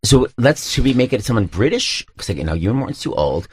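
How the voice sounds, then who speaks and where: Fast, lively teasing male radio host. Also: mid-range voice, slightly rough. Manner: teasing, animated, quick jokes. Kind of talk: playful celebrity interview.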